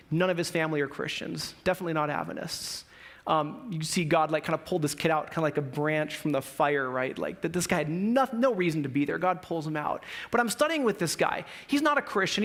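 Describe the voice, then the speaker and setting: Animated high-voiced male pastor. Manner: casual, animated storyteller acting out quotes. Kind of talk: sermon with storytelling. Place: church.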